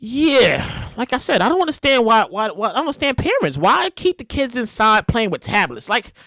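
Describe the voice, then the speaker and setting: A man hosting his own podcast, ranting loudly and hyperactively with plenty of swearing, and acting out other people in shouts. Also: very high voice, moderate pace, gravelly, dry recording, clean studio sound. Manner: loud, hyper and animated, with profanity; acts out quoted people in shouts. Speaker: podcast host. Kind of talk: solo podcast rant.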